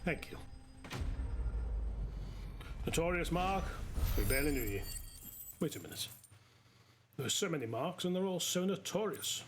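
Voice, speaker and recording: A man casually commentating while he plays a video game, excitable, cheering and cursing at enemies. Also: fairly high pitch, moderate pace, pauses often. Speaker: streamer playing a video game. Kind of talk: casual live commentary over gameplay. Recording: loud game music and combat sounds behind.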